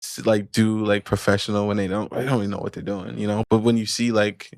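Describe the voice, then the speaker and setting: A man's voice: on the low side, little pitch movement, quick pace, creaky, no echo, studio quality. A man who is a podcast guest, giving loose, casual advice with many fillers and restarts.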